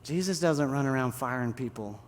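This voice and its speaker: A pastor giving a sermon, telling a story in an animated, conversational way. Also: male voice, mid-range voice, moderate pace, big-room sound.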